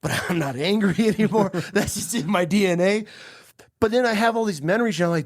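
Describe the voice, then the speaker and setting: A man hosting a podcast, telling a story in an animated, emphatic way with plenty of swearing. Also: high-pitched, brisk, no room sound, studio quality. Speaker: podcast host. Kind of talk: casual conversation.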